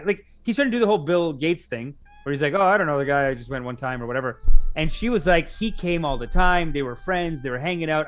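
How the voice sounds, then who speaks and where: Animated young man chatting on a podcast. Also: fairly high pitch. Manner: animated, excitable, mimics others in quotes. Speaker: podcast co-host. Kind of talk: casual podcast chat.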